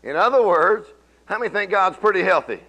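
Preaching in church, this man tells homespun stories, his expressive delivery moving between quiet murmuring and loud proclamation. The pastor's pace runs a little fast.

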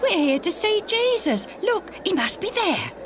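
A woman voicing an excitable young male pilgrim who gasps and stammers with wonder, with music behind. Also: very high-pitched, a little slow, noisy background, voice pushed up, exaggerated voice. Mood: eager.

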